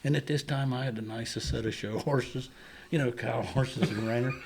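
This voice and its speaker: A man's voice: medium pitch, steady tone, moderate pace, gravelly, very noisy. A man, a guest on a chat show, telling a rambling story and acting out the dialogue of the people in it. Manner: rambling anecdotes, acting out quoted dialogue, chuckling. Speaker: guest, horse and pony trader. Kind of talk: casual storytelling in conversation.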